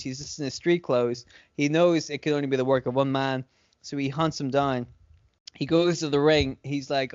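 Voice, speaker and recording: Speaking at normal speed with a medium-pitched, steady, clean voice, a male podcast co-host tells a fantasy-booking story casually, rambling and swearing with plenty of fillers. The dry recording has a slightly dull, lo-fi sound.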